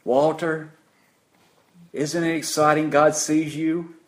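A man preaching an interactive sermon, putting questions to the congregation in an emphatic, deliberate way. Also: a little high, level tone.

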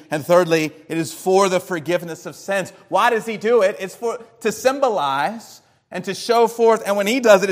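Man preaching with a slightly higher voice. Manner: teaching, asks rhetorical questions; varies loudness and pace for emphasis. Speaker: pastor. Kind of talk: expository sermon.

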